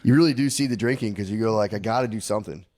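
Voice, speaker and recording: A man's voice: fairly low pitch, rapid-fire, a little mellow, no room sound, studio quality. A man in his thirties co-hosting a podcast, chatting casually and swearing, telling stories with bursts of acted voices. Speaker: podcast co-host. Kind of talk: casual chat.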